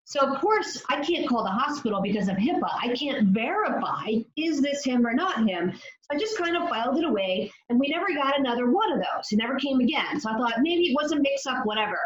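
A woman addiction clinician telling her story in an interview, animated and acting out the dialogue as she goes. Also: high-pitched, fairly quick, reverberant, highs cut off. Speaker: addiction clinician and author, guest.

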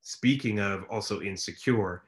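A man from Maryland hosting a casual interview, animated and rambling, often laughing. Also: fairly low pitch, a little slow. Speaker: podcast host.

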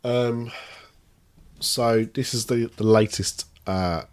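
A man's voice: mid-range voice, steady tone, takes it slowly. A man, a parent casually questioning his child about a book, playful and teasing. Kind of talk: casual chat.

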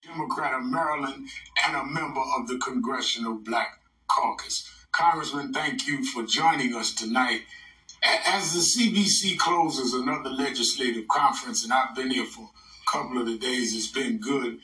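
A man interviewing a congressman on television, asking formal, measured questions. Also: medium pitch, bright, forceful tone. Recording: roomy broadcast clip from a distance.

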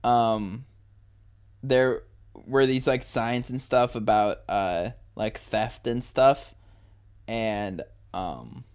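A young American man co-hosts a casual podcast chat, laid-back, laughing often and swearing casually. His mid-range voice is darkish and clean, and he draws out his words.

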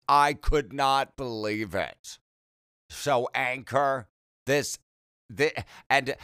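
A man's voice: mid-range voice, bright, forceful tone, smooth, no room sound. A man hosting a solo podcast, rambling in a chatty, self-deprecating way with jokey asides, speaking close to the mic. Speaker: podcast host.

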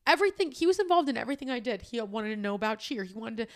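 A young woman in her twenties talks alone on her podcast into a microphone. Her voice sits a little high, and her speech is candid and emphatic, with plenty of swearing. She is close to tears at times. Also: animated, very fast. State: crying at times. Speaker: podcast host. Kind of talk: personal, emotional solo podcast talk.

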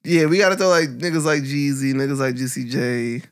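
A man co-hosting a podcast, chatting casually in a relaxed, matter-of-fact way. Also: medium pitch, a little fast, clear, resonant tone. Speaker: podcast co-host. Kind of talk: casual chat.

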